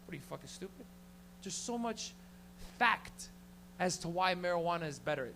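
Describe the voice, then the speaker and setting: A man's voice: high voice, lively intonation, gravelly, pushed and bright, slight background noise. A man hosting an open mic comedy night in a small lounge, telling rambling, profane stories on a handheld mic. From Canada. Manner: profane, rambling, rapid storytelling. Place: small lounge venue stage.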